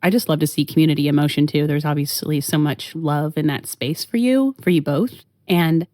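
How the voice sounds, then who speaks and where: A woman co-hosting a podcast in casual chat, animated and storytelling, swearing freely and acting out quotes. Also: sits low, a little fast, no room sound. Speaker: podcast co-host.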